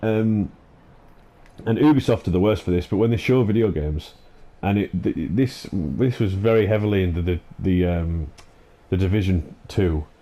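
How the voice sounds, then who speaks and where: A man's voice: sits low, dark tone. Exasperated sweary man ranting. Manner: exasperated, sweary, halting with many fillers and restarts. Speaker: gaming channel host. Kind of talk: ranting commentary over gameplay.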